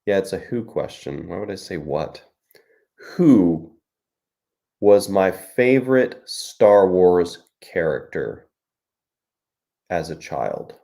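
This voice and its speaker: A man's voice: sits low, expressive, slow, creaky, long pauses, warm tone. A man, an author, hosting a casual livestream chat, joking and laughing often.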